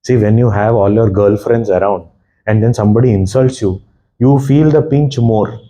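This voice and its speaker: A man's voice: lowish voice, dark tone, rough recording. A man giving a devotional discourse, retelling a scripture story and explaining its verses. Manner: explains verses, chants Hindi couplets quickly.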